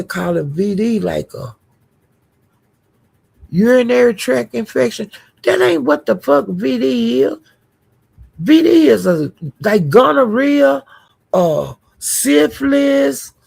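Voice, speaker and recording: A woman's voice: on the high side, gravelly, darkish tone, slightly rough. A woman vlogger giving casual gossip commentary to her viewers, blunt, profane and indignant.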